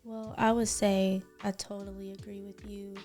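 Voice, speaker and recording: A woman talking on a podcast in a measured, thoughtful way, pausing with ums as she shares. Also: mid-range voice, flat delivery, a little mellow, soft background music. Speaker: podcast co-host. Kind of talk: casual reflective podcast chat.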